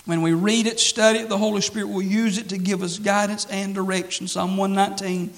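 A man's voice: sits high, level tone, a little fast, vocal fry, rough recording. A man preaching a sermon as pastor, earnest and repetitive, quoting scripture and stressing key phrases.

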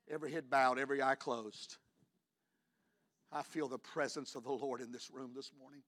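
A man preaching a sermon in a church, moving between quiet personal storytelling and loud, shouted declarations. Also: medium pitch, steady tone, normal speed. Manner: shifts from hushed storytelling to shouted climaxes.

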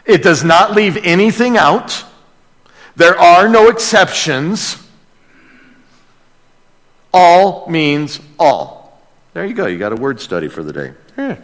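A male pastor preaches with a lively, swooping voice that sits a little high for a man, and he takes his time over each phrase. He keeps turning to his congregation with questions. The sound rings with long reverb from a large church hall. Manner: animated, talks directly to the congregation with questions. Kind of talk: sermon.

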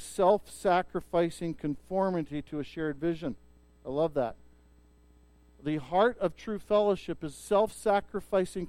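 A male pastor preaching a sermon and retelling a story in a lively way, with frequent restarts. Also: on the high side.

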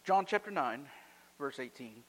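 A man preaching a sermon as pastor, telling a story with lively, loudly acted quotes. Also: medium pitch, measured pace, in a large hall, rough recording.

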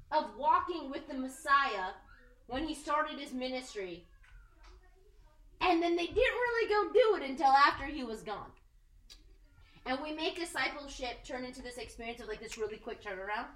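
A woman giving a casual, animated sermon, joking and acting out the people she quotes. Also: sits high, moderate pace. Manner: animated, jokey, acts out quoted voices. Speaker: preacher. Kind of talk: conversational sermon. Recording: echoey room, mic at a distance.

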